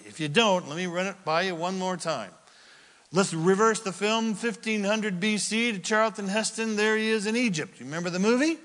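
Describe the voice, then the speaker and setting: A man preaching a sermon with a dramatic, teacherly manner, asking the listeners questions and answering them himself, swinging between loud cries and near-whispers. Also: high-pitched. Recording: long reverb of a large hall.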